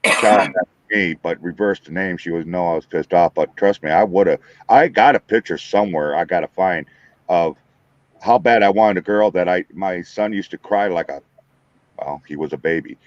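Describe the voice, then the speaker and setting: Older guy w a super deep voice, talks in starts and stops, dry dull sound. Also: dry recording. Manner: halting, restarts and fond. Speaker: podcast guest. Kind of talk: casual chat.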